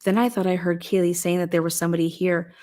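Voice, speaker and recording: A woman's voice: fairly low pitch, little pitch movement, fast, mellow, lightly acted. A flustered young woman witness, as a woman puts her on in mockery answers in a hesitant, stumbling way. She sounds evasive and vague and keeps restarting her sentences. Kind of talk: mocking role-play.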